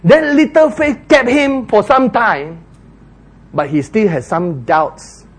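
A man preaching a sermon, retelling a story dramatically with shouted voices for its characters. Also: sits high, slow pace.

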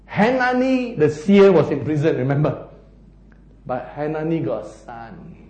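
A man preaching a sermon, animated and often laughing as he acts out the story. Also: fairly high pitch, normal speed, reverberant, rough recording. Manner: animated, laughing, acting out scenes.

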